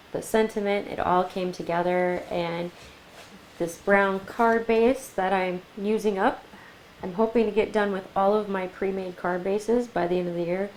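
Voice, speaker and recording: A young woman chatting through a craft tutorial, laughing often and talking gently to her toddler. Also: mid-range voice, slight background noise, rough recording. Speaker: craft vlogger. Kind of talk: casual craft tutorial chat.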